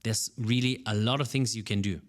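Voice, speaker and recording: Energetic low-voiced male speaking coach. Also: a little fast. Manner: energetic, animated, repeats words when starting sentences. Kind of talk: interview answers.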